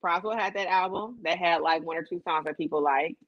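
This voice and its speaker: A woman's voice: on the low side, fairly quick, no echo, dull audio. A laid-back young woman, co-hosting a casual chat podcast and joking as she talks. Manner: laid-back, joking, quotes people in put-on voices. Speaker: podcast co-host.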